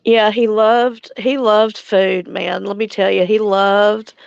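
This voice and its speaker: An older woman from Louisiana hosting a casual livestream chat, speaking slowly and tenderly with soft chuckles, tearful at times. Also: medium pitch, fairly even intonation, vocal fry, clean tone, dry recording, lo-fi sound. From Louisiana, USA. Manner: slow, tender, chuckling between lines. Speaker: livestream host.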